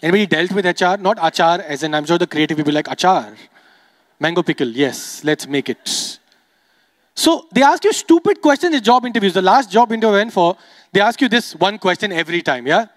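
A man's voice: high-pitched, lively intonation, quick pace, long reverb tail. A man from the Emirates doing stand-up comedy on stage, chatty and teasing, working the crowd. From United Arab Emirates. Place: comedy stage before a live audience.

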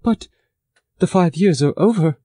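A man's voice: high voice, animated, unhurried, dark tone, dry recording, clean studio sound, pitched above the performer's own voice. A male audiobook reader voicing a proud, gawky young country lad who answers eagerly. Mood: eager earnest. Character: gawky proud country youth, newly dressed up.

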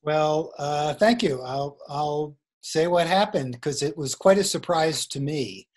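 A man's voice: on the high side, a little slow. A man being interviewed as a guest author over a remote internet call. He tells a long story in a meandering way, often restarting his sentences. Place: remote location in the mountains.

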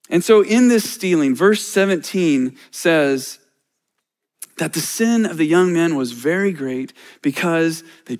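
A middle-aged man, a church elder, preaching a sermon in a conversational way with self-deprecating humor. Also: fairly high pitch.

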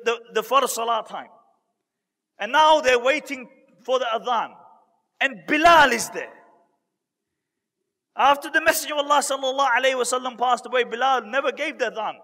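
A man telling a story in a sermon, earnest and dramatic, with emotional pauses. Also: very high voice, sharp tone. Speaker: preacher. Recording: long hall reverb.

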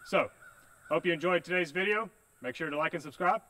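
A man's voice: a little high, fairly quick, sharp tone. A man hosting a casual outdoor shooting vlog, hot and sweaty, talking in a laid-back, joking, plain-spoken way. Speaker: firearms video host.

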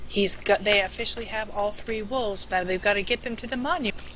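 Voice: medium pitch, brisk. Eager play-by-play co-caster, mid-range voice, lo-fi live-stream sound. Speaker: co-commentator. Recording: lo-fi live stream with faint hiss.

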